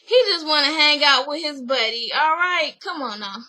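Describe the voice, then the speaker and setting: Animated young woman recapping a show. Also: high voice, normal speed, low-quality recording. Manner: animated, slangy, acts out quotes. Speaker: vlogger recapping a reality show. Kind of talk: casual recap chat.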